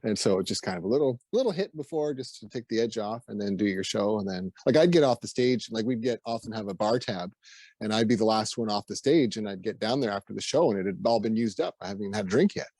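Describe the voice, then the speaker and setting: A man's voice: fairly low pitch, expressive, fast talker, a little mellow, no room sound. A Canadian man with a Canadian accent, a musician guest telling stories in a casual interview and laughing often. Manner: laughs often, acts out quoted voices.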